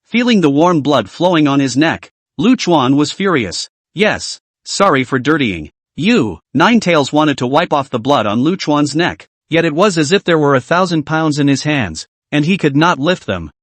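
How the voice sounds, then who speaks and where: A man narrating a comic story recap in a scripted, expressive reading. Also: fairly high pitch, moderate pace, few pauses, dry recording.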